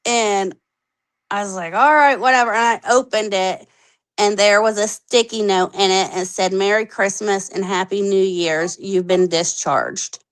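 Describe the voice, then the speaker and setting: A woman in her thirties telling her own story candidly on a podcast, animated, acting out the voices she quotes and swearing freely. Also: medium pitch, measured pace, clean tone, low-quality recording. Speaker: podcast guest.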